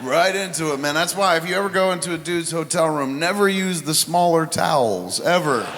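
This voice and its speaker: A man's voice: on the high side, a little hiss or hum. A middle-aged man telling crude, profane stories as a podcast host in casual chat. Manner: profane, animated anecdotes. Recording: live hall with reverb.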